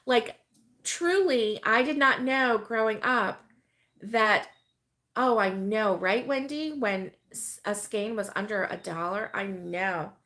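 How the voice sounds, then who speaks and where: A woman's voice: mid-range voice, takes it slowly, bright, forceful tone. A middle-aged woman hosting a casual crochet chat, rambling with many fillers and laughing often as she reads viewer comments. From United States. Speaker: host of a crochet live stream.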